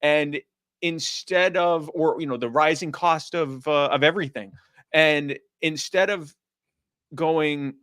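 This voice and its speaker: Animated man, dry close mic. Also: fairly high pitch, unhurried, no room sound. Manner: animated, acts out quoted voices. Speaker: podcast guest. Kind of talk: casual interview talk.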